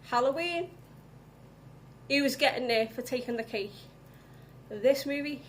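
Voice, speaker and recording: A woman's voice: sits high, a little slow, pauses often, slight background noise. A woman vlogging, ranting angrily with heavy swearing. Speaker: vlogger reviewing films. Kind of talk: casual ranting vlog.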